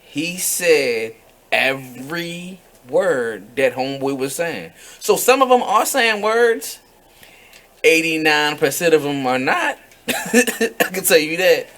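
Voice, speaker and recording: High-voiced laid-back radio host man. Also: lively intonation, a bit bright. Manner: agreeable, quick backchannels, laughs easily. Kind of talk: casual radio chat.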